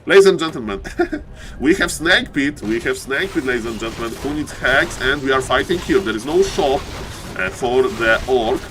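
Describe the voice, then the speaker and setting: A man casting a live strategy game, excitable, jumping to high yelps at big plays. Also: moderate pace, noisy background. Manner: keeps repeating "ladies and gentlemen". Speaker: esports caster.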